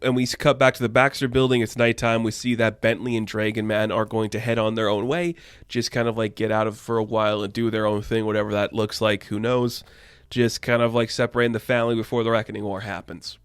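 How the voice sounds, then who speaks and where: A man's voice: on the low side, little pitch movement, a little fast, clear, resonant tone, no echo. Casual man recapping a comic, dry sound. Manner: rambling, heavy use of "like" fillers. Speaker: comic book reviewer.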